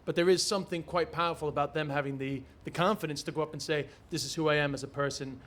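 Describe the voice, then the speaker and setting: Fast-talking Irish man on a panel. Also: a little high, fairly even intonation, a bit bright. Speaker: comedian panelist. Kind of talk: panel discussion. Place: festival venue before an audience.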